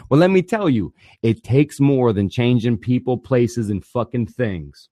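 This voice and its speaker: A man hosting a podcast, giving blunt, fervent counsel full of swearing and swinging between loud and quiet. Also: mid-range voice, normal speed, hardly any pauses, dry recording, clean studio sound. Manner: blunt, swears constantly, mocks therapist clichés. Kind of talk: blunt profanity-laden monologue.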